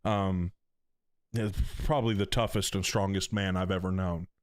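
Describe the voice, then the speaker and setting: A middle-aged North Carolina man chats and jokes with viewers on a gaming live stream, slangy and talkative, reading chat aloud. His voice sits low with a steady tone and moderate pace, recorded dry with clean studio sound.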